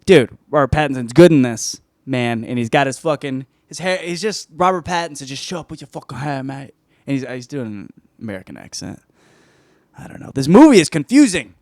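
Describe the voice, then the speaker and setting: A man's voice: medium pitch, very animated, fairly quick, darkish tone, no room sound, studio quality. A man hosting a podcast, reviewing a film in casual, rambling chat full of swearing and restarts. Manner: rambling, profane, self-interrupting. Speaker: podcast host.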